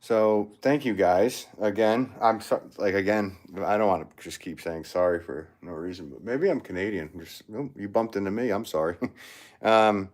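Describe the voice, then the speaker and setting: A man's voice: lowish voice, moderate pace, a little mellow. A man, a potter, chatting casually on a livestream and greeting viewers by name in a rambling, easygoing way.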